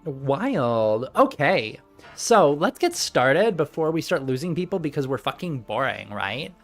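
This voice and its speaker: A man hosting a live roleplay stream, excitable and loud, swearing often in casual banter. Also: on the high side, a little slow, soft background music. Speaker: game master and streamer.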